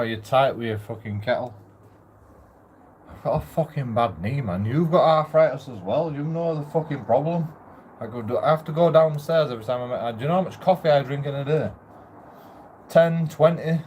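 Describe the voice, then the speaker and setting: A man's voice: mid-range voice, lively intonation, normal speed, long pauses, dull audio, a little hiss or hum. A man ranting casually at home in a shared house, grumbling and swearing as he rambles with restarts. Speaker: vlogger.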